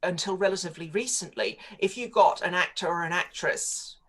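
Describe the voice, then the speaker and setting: A woman's voice: on the low side, fairly quick. Articulate woman commentator. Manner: articulate and opinionated, long flowing arguments. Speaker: political commentator. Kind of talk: studio interview on talk radio.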